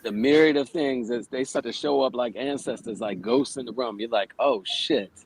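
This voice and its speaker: A man's voice: medium pitch, fairly quick, a little mellow, breathy edge, poor audio. A man in his forties, a yoga teacher, telling stories in a casual, plainspoken way as a radio guest. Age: 40s. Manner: conversational, plainspoken, swears casually. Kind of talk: casual radio interview storytelling.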